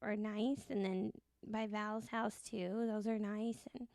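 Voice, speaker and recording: A woman's voice: mid-range voice, level tone, slow, creaky, darkish tone, no echo, studio quality. A woman co-hosting a casual podcast chat, giggly and loose, swearing freely. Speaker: podcast co-host.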